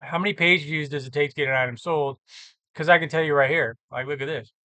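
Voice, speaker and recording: Pitched fairly high and speaking fast, this man keeps his intonation fairly even and his tone sharp over a dry recording. He's vlogging about reselling, casually going through on-screen sales numbers as he thinks out loud and corrects himself.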